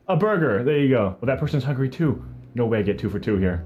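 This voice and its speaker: A young man from Canada streams a video game live, talking through it in an animated, self-mocking way. His voice sits at an ordinary middle pitch. Game music plays faintly behind him. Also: fast talker. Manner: animated, self-mocking, jokey running commentary. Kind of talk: live gameplay commentary.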